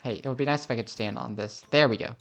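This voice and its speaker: A man's voice: medium pitch, fast, vocal fry, faint music behind. A man casually commentating on a video game as a let's play host, chatty and easygoing.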